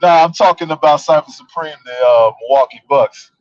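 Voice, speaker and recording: A man's voice: fairly high pitch, brisk, no room sound. Stammering slangy man, dull lo-fi line. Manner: stammering, repeats words, slangy. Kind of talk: casual chat.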